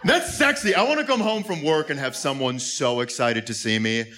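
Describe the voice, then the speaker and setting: A man's voice: mid-range voice, sing-song, a little fast, a bit bright. A man doing a crude stand-up comedy set on a club stage, brash and prone to sudden yelps, on a handheld mic. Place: comedy club stage before a live audience. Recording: live club recording with noisy room.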